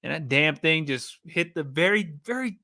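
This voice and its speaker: A man's voice: on the high side, expressive, moderate pace, sharp tone, no echo, studio quality. A man hosting a live reaction stream, throwing in loose joking asides and talking to his chat.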